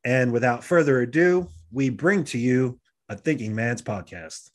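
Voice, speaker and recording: An upbeat man hosts a casual podcast and keeps the tone friendly. His questions run long and wander, with many restarts. His voice sits at an average pitch. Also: expressive, a little slow. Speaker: podcast host.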